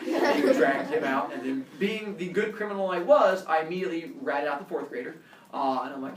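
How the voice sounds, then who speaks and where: A male teacher telling a personal story to his class in a lively way, acting out scenes with shouts and voices. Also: fairly high pitch, fast talker, a little hiss or hum. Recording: echoey room, mic far off.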